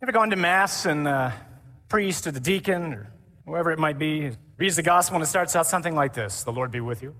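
Animated preaching priest in a hall. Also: male voice, on the high side, brisk. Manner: lively, animated preaching with mimicry. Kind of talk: conference sermon. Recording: hall reverb.

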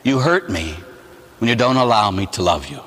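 A man voicing God as a tender, loving father, speaking low and softly. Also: big pitch swings, moderate pace, big-room sound.

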